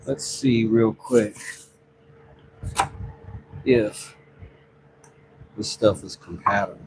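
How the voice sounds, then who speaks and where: A man's voice: fairly low pitch, extremely slow. A man hosting a casual livestream from his woodworking shop, joking and greeting viewers by name. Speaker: livestream host. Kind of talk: casual livestream chat while working. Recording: noisy shop ambience.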